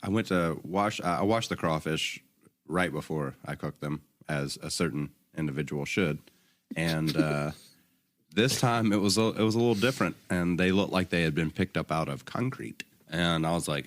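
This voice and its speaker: A man's voice: rumbling low, normal speed. A young man co-hosting a podcast, telling rambling anecdotes in casual chat and often laughing. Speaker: podcast co-host.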